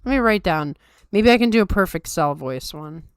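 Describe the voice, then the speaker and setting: A woman's voice: lowish voice, expressive, normal speed, clear, resonant tone, no echo, clean studio sound. A tired woman hosting a podcast, chatting casually and wryly with her viewers. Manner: wry, self-deprecating chatter. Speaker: podcast host. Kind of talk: casual chat with live chat.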